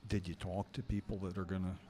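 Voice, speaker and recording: Low, mellow-voiced man. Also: little pitch movement, a little hiss or hum. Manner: halting, many fillers. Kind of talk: podcast conversation.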